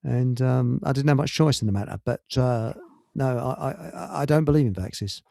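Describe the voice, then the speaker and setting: A man's voice: mid-range voice, normal speed, vocal fry, warm tone, no echo. Dry-sounding rambling male host. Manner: rambling, laughs often, many restarts. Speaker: radio show host. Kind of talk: casual chat with anecdotes.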